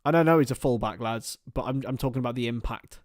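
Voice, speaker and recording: A man's voice: mid-range voice, fast, dry recording, studio quality. A young man hosting a live football watchalong, commenting on the match, swearing casually and chatting to his viewers.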